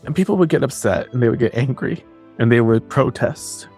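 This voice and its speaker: A man's voice: medium pitch, animated, fairly quick, darkish tone, faint music behind. A man guest on a podcast, talking earnestly and with passion, repeating his phrases for emphasis. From New Mexico. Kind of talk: earnest interview talk.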